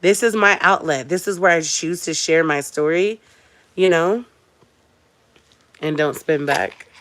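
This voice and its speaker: A young mom vlogging to camera has a deep voice and an unhurried delivery. She chats with her viewers directly in an emphatic, casual way and coos gently in baby talk to her infant.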